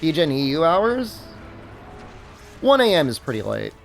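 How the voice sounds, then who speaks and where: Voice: medium pitch, sing-song, normal speed, soft background music. A game streamer chatting casually while playing, rambling with many fillers and restarts and laughing at their own stories. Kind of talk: casual livestream chat while gaming.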